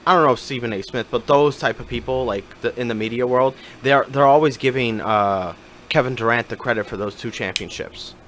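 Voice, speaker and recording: Easygoing male co-host, mid-pitched, faint ambient noise. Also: a little fast, a bit bright. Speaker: podcast co-host. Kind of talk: casual chat.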